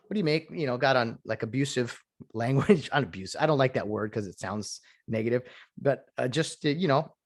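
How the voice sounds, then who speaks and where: A man's voice: medium pitch, moderate pace. A man hosting a solo podcast, rambling through opinions with frequent restarts and asides. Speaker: podcast host.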